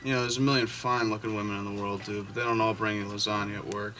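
An actor playing a quiet young man giving blunt, matter-of-fact advice in film dialogue. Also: on the low side, little pitch movement, very fast, a little hiss or hum.

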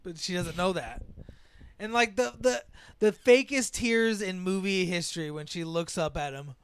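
A man's voice: high voice, moderate pace, clear, resonant tone, dry recording. A man in a casual movie discussion who acts out the characters in exaggerated voices and swears freely.

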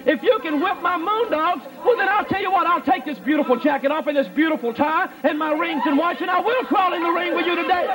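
A brash man cuts a mocking, sing-song promo as a wrestling manager. His voice sits very high. An archive TV recording carries it, with a loud arena crowd roaring behind him. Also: a little fast, hardly any pauses, poor audio. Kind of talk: taunting promo interview.

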